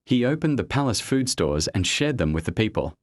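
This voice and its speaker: A man narrating a folktale in a measured, expressive way. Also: lowish voice, no room sound. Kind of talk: scripted storytelling narration.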